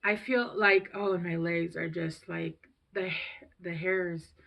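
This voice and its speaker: A woman's voice: lowish voice, steady tone, slow pace, vocal fry, muffled recording. A woman in her thirties giving a casual tarot reading to camera, emotional and rambling, often trailing off and restarting her sentences. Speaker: tarot reader.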